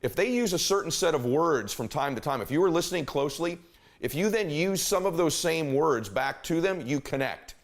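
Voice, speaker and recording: A man's voice: fairly high pitch, animated, normal speed. Emphatic male motivational speaker. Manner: emphatic, repeats key phrases, shifts pace and volume to demonstrate. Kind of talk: motivational talk.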